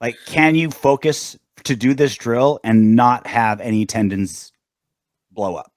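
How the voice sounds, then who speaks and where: A man's voice: mid-range voice, a little slow, dry recording. A man hosting a sports podcast, chatting casually, riffing and joking with his co-host. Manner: animated, riffing and quoting shows with playful voices. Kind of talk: casual chat.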